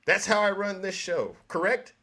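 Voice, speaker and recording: Bright-voiced man hosting a call-in. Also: high voice, normal speed. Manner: calm, soothing, repeats names to get attention. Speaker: host. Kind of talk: live call-in show hosting.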